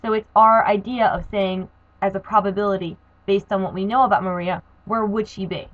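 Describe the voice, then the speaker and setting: A woman walks through a grammar lesson, explaining methodically and spelling out endings one letter at a time. Her voice sits at a middling pitch. The recording is dull and lo-fi, with a dry, close sound. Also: steady tone, brisk, no echo. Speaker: Spanish teacher.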